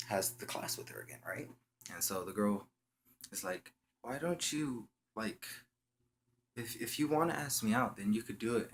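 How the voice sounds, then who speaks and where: Low-voiced young guy telling a story. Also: a little hiss or hum. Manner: slangy, halting, with frequent restarts. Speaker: vlogger. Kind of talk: casual storytelling.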